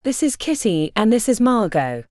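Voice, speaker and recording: A woman's voice: a little high, big pitch swings, normal speed, warm tone, no room sound, clean studio sound. A woman voicing a nervous, jumpy man with a thick Indian accent in an audiobook. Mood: relieved. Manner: fearful, stammering, pleading.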